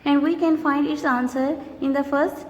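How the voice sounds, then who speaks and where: A woman teaching an English poetry lesson, speaking slowly and deliberately and counting syllables aloud. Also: high-pitched, steady tone. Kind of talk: recorded classroom lesson. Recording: long reverb, faint noise.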